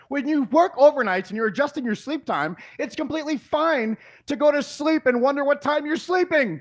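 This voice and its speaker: High-pitched man ranting in fury. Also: expressive, fairly quick, hardly any pauses. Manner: yelling, exasperated, profane rants. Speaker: podcast host. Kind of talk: heated podcast argument.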